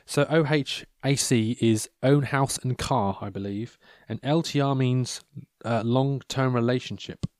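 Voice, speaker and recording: Here the same kind of host reads out personal ads, wandering into dry, rambling remarks in a relaxed monologue. His mid-range voice is unhurried and slightly mellow, recorded cleanly and dry in a studio on a handheld or desk microphone.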